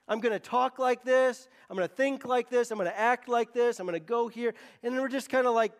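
A man's voice: very high-pitched, normal speed, in a large hall. A man preaching a sermon as pastor, emphatic and often repeating words as he presses a point.

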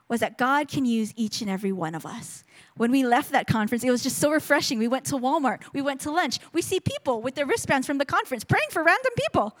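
A woman telling a testimony at a church service, earnest and storytelling, often restarting her sentences. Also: high voice. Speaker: speaker sharing a testimony. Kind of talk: sermon testimony.

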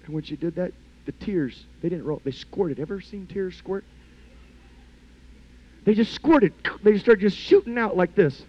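A man preaching a sermon as a story, talking conversationally with lots of "you know", and swinging between hushed and loud passages. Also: high voice, lively intonation, normal speed, pauses often. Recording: dull lo-fi podcast audio.

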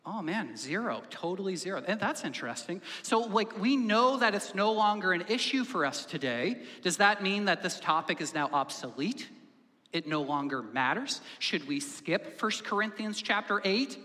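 A man's voice: high voice, expressive, normal speed, sharp tone. A male pastor preaching a sermon, animatedly telling a story and acting out the characters' lines to his congregation. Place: church sanctuary. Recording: hall reverb.

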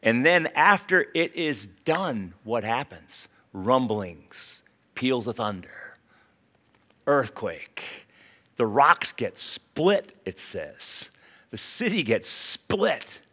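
A man with a West Virginia accent preaching a sermon, dropping to quiet asides and then rising to urgent, emphatic calls. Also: mid-range voice, big pitch swings, extremely slow. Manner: dramatic swings from hushed asides to urgent exclamations. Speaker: pastor.

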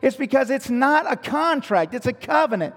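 A man preaching a sermon, animated, with rhetorical questions and joking asides to the congregation. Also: extremely high pitch, moderate pace, in a large hall. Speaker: pastor.

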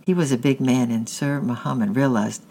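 A man reading a storybook chapter aloud in a steady narration, often correcting himself mid-phrase. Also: mid-range voice, moderate pace, gravelly, low-quality recording. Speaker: audiobook reader.

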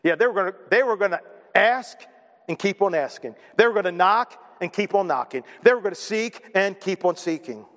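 A high-pitched male pastor preaching with emphatic, repetitive build-ups. His voice rings out with a long reverb, as if filling a large hall. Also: animated, a little fast, fairly bright tone. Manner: emphatic, builds with repeated phrases. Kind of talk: sermon.

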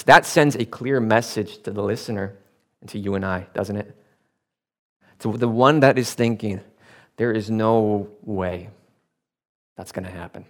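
Male preacher, lowish voice, reads scripture then swells to emphatic points, relaxed when telling stories. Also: measured pace, long pauses. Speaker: pastor. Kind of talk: sermon.

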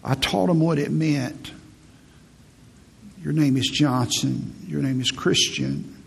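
A man in his fifties with a raspy voice, preaching a folksy, humorous sermon as a pastor. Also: fairly high pitch, animated, slow, long reverb tail. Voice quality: raspy, gravelly. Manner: storytelling, humorous, laughs at own stories.

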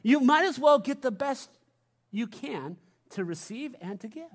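A man's voice: very high voice, animated, measured pace. A pastor giving a conversational sermon to his church, often repeating key phrases and adding playful asides. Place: church sanctuary.

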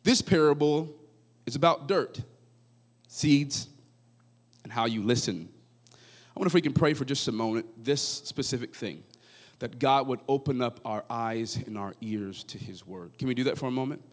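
A man in his thirties preaching a sermon, moving between hushed asides and rising, fervent prayer as he tells stories. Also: medium pitch, moderate pace. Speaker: pastor.

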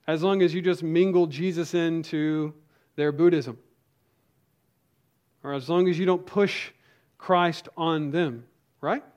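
A man's voice: on the high side, fairly even intonation, takes it slowly, long pauses, darkish tone, lo-fi sound. A man preaching a sermon as a pastor, telling a personal story in a conversational way with frequent restarts and asides.

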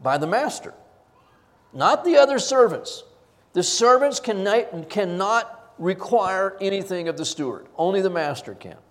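A man preaching an expository sermon, emphatic and shifting between loud stresses and low asides. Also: animated, unhurried. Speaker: pastor. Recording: reverberant hall.

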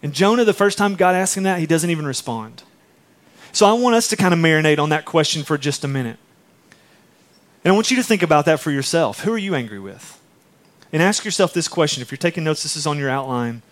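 A man's voice: on the high side, fast. A man preaching a sermon in a conversational way, acting out quotes as he tells stories. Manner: conversational, animated storytelling with acted-out quotes. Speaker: pastor.

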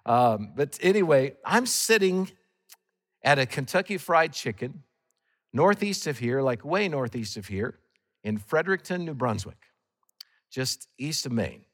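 A man with a Canadian accent preaching a sermon as guest speaker, telling a story with lively swings between loud and hushed. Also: medium pitch, a little slow, big-room sound.

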